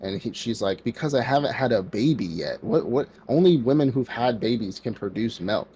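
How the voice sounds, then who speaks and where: A man's voice: medium pitch, lively intonation, moderate pace, dark tone, a little hiss or hum. A man co-hosting a podcast, retelling an anime plot in a loose, casual way, acting out the characters' lines with lots of "like" fillers. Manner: loose storytelling, acts out quotes, many fillers like "like". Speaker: podcast co-host.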